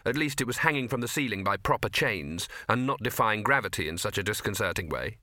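A man narrates an audiobook, telling the story in a measured, expressive way. His voice is lowish, and the recording is studio quality with no room sound.

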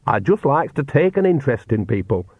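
A man's voice: medium pitch, big pitch swings, slightly rough, no echo, voice pushed up. A man voicing a cheerful, shrewd old countrywoman witch with a folksy rustic way of talking. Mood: sly. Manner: rustic folksy dialect, brisk and bossy. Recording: tinny phone-like dry sound.

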